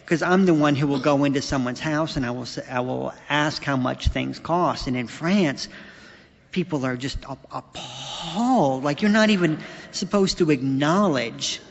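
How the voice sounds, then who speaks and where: Middle-aged man, gravelly, dry storyteller on a festival stage, recorded dull in a reverberant hall. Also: fairly high pitch, a little hiss or hum. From United States. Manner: wry, anecdotal, halting with fillers. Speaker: guest speaker. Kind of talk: stage talk at a writers festival.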